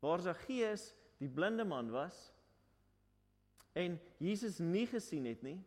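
Preacher in a reverberant hall. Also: male voice, high voice, big pitch swings, takes it slowly, darkish tone. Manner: storytelling, asks questions, repeats points in two languages. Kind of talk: bilingual sermon.

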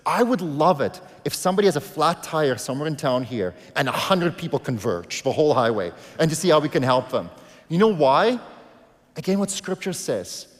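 A slightly high-pitched male pastor delivers a storytelling sermon. His voice swings from quiet asides to loud, emphatic bursts. It rings out with a long reverb in a church sanctuary. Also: lively intonation, normal speed.

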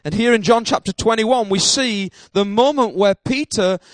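A man preaching a sermon at a church service, emphatic, with repeated amens and bursts of shouting. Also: high voice, normal speed, dry recording. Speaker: pastor.

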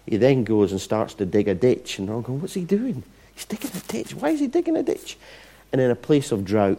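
A man preaching a sermon, retelling scripture stories in an animated way with playful asides. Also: on the low side. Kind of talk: sermon storytelling.

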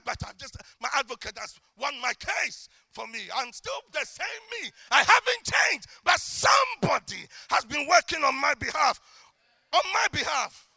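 High gravelly-voiced impassioned preacher man. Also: dry recording. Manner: impassioned, swings between shouting and quiet asides. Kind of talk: sermon.

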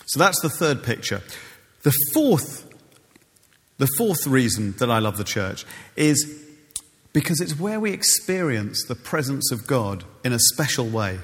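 A man's voice: medium pitch, sing-song, a little slow, in a large hall. A man preaching a sermon in a church, conversational with many ums and restarts.

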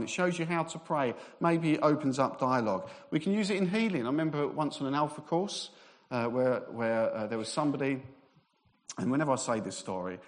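A man preaching a sermon, telling personal ministry stories in a conversational way. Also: medium pitch. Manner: conversational storytelling, acts out quoted voices. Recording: long reverb of a large hall.

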